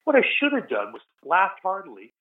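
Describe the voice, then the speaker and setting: A man's voice: high voice, wildly swooping pitch, fairly quick. An older male musician telling rambling stories about his career in a casual interview, laughing at himself. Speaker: guest musician. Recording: tinny phone-line audio.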